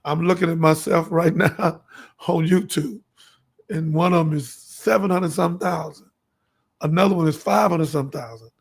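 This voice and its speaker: A man talking straight to his audience in a high, gravelly voice with a husky edge. He preaches and tells stories with fervor, slipping into the voices of the people in them. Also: fairly even intonation, normal speed. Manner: fervent, storytelling, acts out dialogue. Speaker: show host. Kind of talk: preachy monologue to camera.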